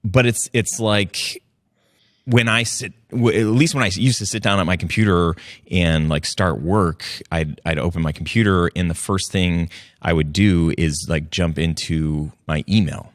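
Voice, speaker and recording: A man's voice: low voice, normal speed, dry recording, clean studio sound. A man hosting an interview, talking casually with many restarts and a jokey manner. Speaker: podcast host.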